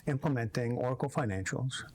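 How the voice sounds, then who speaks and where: Measured man in his fifties, guest. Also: medium pitch. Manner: measured, matter-of-fact. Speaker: guest, chapter president. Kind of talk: interview answers.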